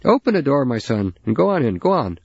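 A man voicing a gruff middle-aged father who is fixing a truck. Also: medium pitch, sing-song, fast talker, darkish tone, no room sound, lo-fi sound, voice pushed up.

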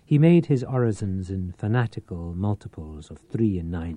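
A man reading a novel aloud as an audiobook narrator, with a measured, theatrical delivery. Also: low voice, animated, mellow, no room sound.

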